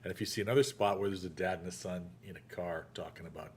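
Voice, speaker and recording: A man's voice: low voice, quick pace, slight background noise. A middle-aged man hosting a casual chat show, joking and laughing as he talks. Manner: chatty, joking, laughs often. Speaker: show host.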